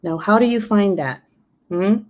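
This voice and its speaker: A woman in her twenties with a medium-pitched, somewhat dark voice speaks unhurriedly as she chats on her live stream. The YouTuber swears freely and laughs often throughout.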